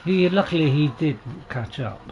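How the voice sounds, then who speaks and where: A man gives relaxed gameplay commentary. His voice sits a little high, and his delivery is chatty and full of hesitations and dry, self-mocking jokes. A faint hiss runs under the recording. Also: moderate pace, dull audio. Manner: hesitant, with many fillers and restarts. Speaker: gaming channel host.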